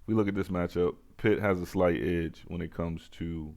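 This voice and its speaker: A man's voice: sits low, steady tone, moderate pace, a little mellow. A man hosting casual sports betting picks, laid-back and repeating himself as he talks to viewers.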